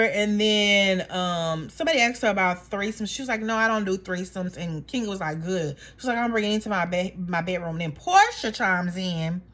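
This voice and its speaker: She recaps a reality show casually and with gossipy animation, performing the cast's lines herself. Her mid-range voice runs fairly quick, with few pauses.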